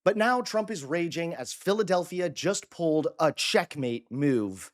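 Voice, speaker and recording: A man's voice: a little high, expressive, a little slow. A man hosting a political commentary video, with an emphatic, dramatic delivery. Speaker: host.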